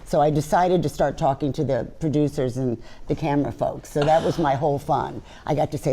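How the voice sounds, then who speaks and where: A woman's voice: sits low, fairly quick, few pauses, noisy background. An older woman, a chef, telling brash, profane stories in a casual interview. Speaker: guest chef.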